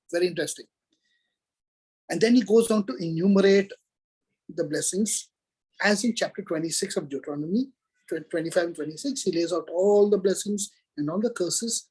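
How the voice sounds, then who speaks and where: Husky male Torah teacher, earnest lecture delivery, voices the scripture's dialogue himself. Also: high voice, normal speed, darkish tone, low-quality recording.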